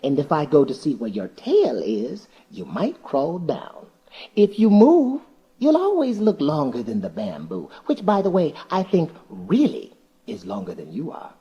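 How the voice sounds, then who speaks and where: A man's voice: fairly high pitch, huge pitch swings, unhurried, mellow, breathy edge, highs cut off, voice pushed up, heavily acted. A man doing a sly little spider trickster. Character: small clever male spider trickster.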